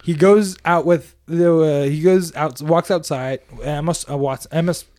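A man co-hosting a casual movie podcast, retelling scenes in an excited, rambling way. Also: a little high, moderate pace. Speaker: podcast co-host. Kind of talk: casual movie-review chat.

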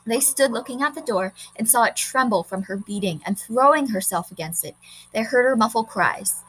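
Woman reading a story, slightly high voice. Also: husky, poor audio. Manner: measured, expressive storytelling. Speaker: narrator. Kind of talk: reading a short story aloud.

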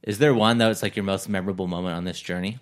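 A man's voice: low voice, fairly even intonation, very fast, smooth. A man hosting a podcast interview, asking long rambling questions with lots of jokes and laughter. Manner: rambling, jokey, laughs often.

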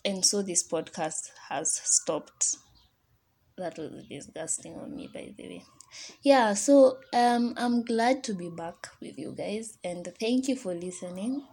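Heartfelt young woman podcaster, mellow. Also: on the low side, husky. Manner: chatty, heartfelt, encouraging, with many "like" fillers. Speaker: podcast host. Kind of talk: casual solo podcast talk.

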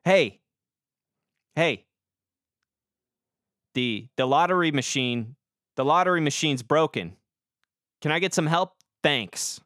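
A man voicing a pushy, impatient shopper who loudly demands help at a store counter. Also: fairly high pitch, expressive, takes it slowly, long pauses, no room sound, clean studio sound. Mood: demanding.

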